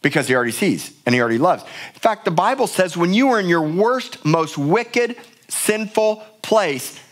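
A man's voice: high-pitched, big pitch swings, moderate pace. A middle-aged male pastor preaching a sermon in a church, emphatic and passionate, often repeating words for force. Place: church sanctuary.

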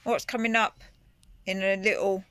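A woman gently and playfully coaxing her small daughter through a bedtime chat. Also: medium pitch, little pitch movement, normal speed, clean tone, no echo. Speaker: mother filming with her daughter.

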